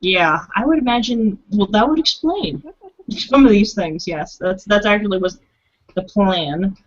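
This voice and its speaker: A woman's voice: medium pitch, animated, unhurried. Woman, tabletop player, giggly, stumbling restarts, dull lo-fi sound. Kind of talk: casual chat planning a tabletop game.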